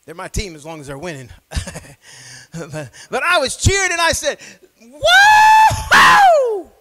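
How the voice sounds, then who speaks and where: A man preaching a sermon as pastor, swinging between quiet low talk and loud shouting, with call-and-response asides to the congregation. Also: wildly swooping pitch, moderate pace, a little hiss or hum, low-quality recording.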